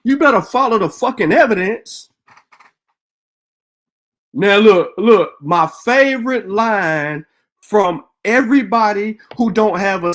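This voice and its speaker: Man, live stream rant, profane, combative, high animated voice.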